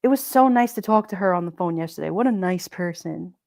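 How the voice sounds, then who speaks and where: A middle-aged woman with a New York Italian accent hosts a relaxed livestream, greeting viewers by name and riffing on their comments. She talks in a mellow, warm tone, and her voice sits close and dry on the mic. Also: on the low side, brisk, creaky, no echo. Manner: chatty, wisecracking, laughs often. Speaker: livestream host. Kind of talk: casual live chat reading comments.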